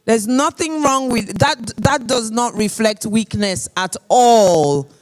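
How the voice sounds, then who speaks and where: Male funeral MC, high-pitched voice, earnest, keeps repeating his points. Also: slow. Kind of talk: speaking at a funeral service.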